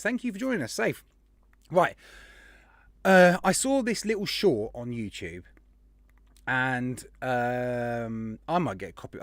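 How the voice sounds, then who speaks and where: A man hosting a casual livestream podcast, chatty and jokey, rattling off shout-outs to viewers. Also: fairly high pitch, dry recording, clean studio sound. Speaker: podcast host.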